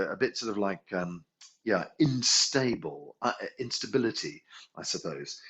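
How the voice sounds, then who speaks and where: On a dull lo-fi recording, a man with a mid-range, slightly bright voice gives relaxed instruction in a healing class. He thinks out loud, corrects himself, and chuckles along the way.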